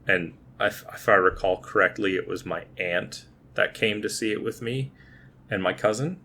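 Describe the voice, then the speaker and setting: A man in his thirties with a voice on the low side and a sharp tone talks at a moderate pace, co-hosting a casual movie review podcast. He's talkative and repeats words while thinking, and a little hiss or hum is audible.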